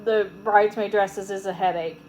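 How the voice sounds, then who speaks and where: A woman reading aloud voices a gentle, overworked mother speaking softly and ruefully. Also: medium pitch, steady tone, moderate pace, a little hiss or hum, lightly acted, poor audio. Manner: soft, rueful.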